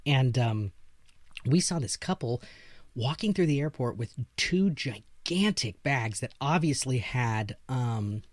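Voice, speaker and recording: A man co-hosting a casual podcast, spinning rambling anecdotes with a joking edge. His voice sits at an ordinary male pitch. It is recorded dry and close, with no room sound. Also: expressive, slow, dry recording. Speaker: podcast co-host. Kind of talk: casual chat.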